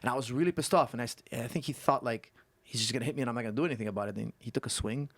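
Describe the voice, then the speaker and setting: A man who is a guest coach on a podcast, telling stories and explaining technique in an animated way that repeats points for emphasis. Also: mid-range voice, rapid-fire, no echo. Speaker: guest martial arts coach. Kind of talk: casual podcast conversation.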